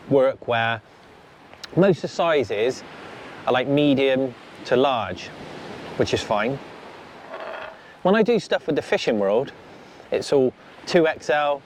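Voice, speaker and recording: A man's voice: medium pitch, slight background noise. A man hosting a fishing vlog, chatting casually and upbeat as he gives friendly advice outdoors on a beach. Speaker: angler and channel host.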